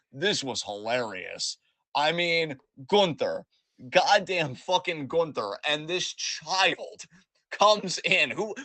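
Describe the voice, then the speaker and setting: A man hosting a podcast, recapping events in an animated, joking way with plenty of swearing. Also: mid-range voice, no room sound. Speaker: podcast host. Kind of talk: casual wrestling recap chat.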